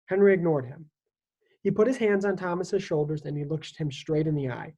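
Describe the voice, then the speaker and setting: A teacher reading a children's historical novel aloud with lively, expressive storytelling. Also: mid-range voice, fairly quick.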